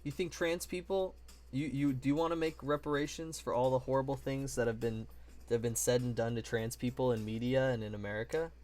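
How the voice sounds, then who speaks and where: A man chats on a live stream while he builds models at home. His talk is playful and joking, and he curses freely. His voice sits at an ordinary middle pitch, and soft music plays faintly behind him. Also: fairly even intonation, brisk.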